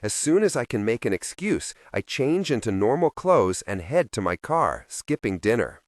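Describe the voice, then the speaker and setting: A man narrating a first-person urban fantasy audiobook in a measured, introspective, tense way. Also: mid-range voice, very animated, no echo, studio quality.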